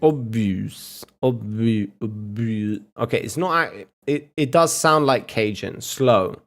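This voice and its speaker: A man's voice: on the low side, fairly bright tone, soft background music. A man streaming casual reaction commentary, swearing and mocking as he talks. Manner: profane, mocking, drawn-out.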